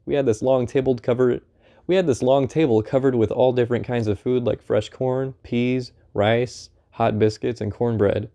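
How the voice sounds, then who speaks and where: A man reading a first-person memoir aloud in an unhurried, conversational storytelling manner. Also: mid-range voice, fairly even intonation, warm tone. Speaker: audiobook narrator.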